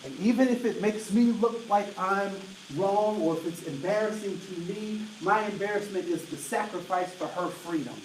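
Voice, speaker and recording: Energetic man speaking in a roomy hall. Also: high voice, normal speed, few pauses. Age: 40s. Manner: energetic, rhetorical, frequent "right?" checks. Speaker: diversity trainer. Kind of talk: keynote talk to an audience. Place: large room with an audience. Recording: roomy echo, voice from a distance, faint noise.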